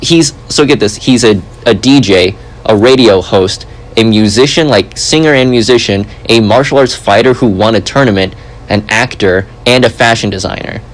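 A man hosting a podcast in casual chat, rambling and joking with animated asides. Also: lowish voice, moderate pace, rough recording. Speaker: podcast host.

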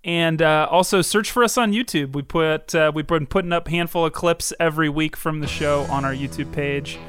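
A man's voice: on the high side, a little fast, fairly bright tone, smooth, no echo, clean studio sound, soft background music. A man reading podcast plugs from a distance from the mic.

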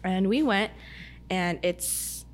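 A woman guest on a podcast, telling a personal story in a chatty, animated way with lots of "like". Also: medium pitch, slow, slight background noise. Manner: chatty, heavy use of "like", animated retelling. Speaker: podcast guest, dance studio owner. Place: indoor podcast table over a meal.

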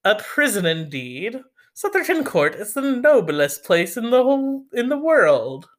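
A reader doing a shrill meddling old aunt. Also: big pitch swings, measured pace. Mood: indignant. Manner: shrill, indignant, officious. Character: bossy meddling older aunt.

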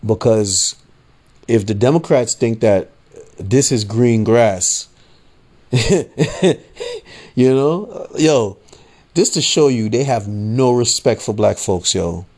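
Slowly and with long pauses, this man hosts a podcast in a mid-range, somewhat mellow voice. His casual political rant is full of swearing and repeated "you know what I'm saying," and he mimics the people he quotes mockingly while laughing at his own remarks.

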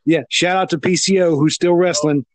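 A man with a Southern American accent chatting about wrestling, animated, restarting his sentences. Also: a little high, brisk, a crowd in the background. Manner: animated, stammering restarts, loud impressions. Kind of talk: casual wrestling chat.

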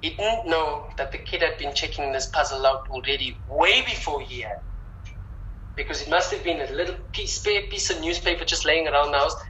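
A woman guest telling a story in a casual, animated way, often repeating words. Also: low-pitched, fairly quick, roomy sound, muffled recording, a little hiss or hum.

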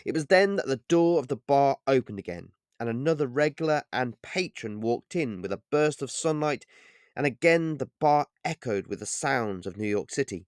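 A man reading his own short story aloud in a steady, measured narration. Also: medium pitch, no room sound, clean studio sound.

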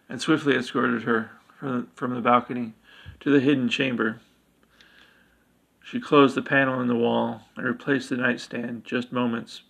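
A man reads a fantasy story aloud with a gravelly, creaky voice. His delivery is even and steady, with very little rise and fall in pitch. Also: rough recording. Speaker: narrator.

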